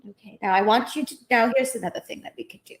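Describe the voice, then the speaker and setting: A woman's voice: on the high side, quick pace. Wry woman giving a mock acting lesson. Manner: mock-earnest instructor, wry. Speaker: comedy host.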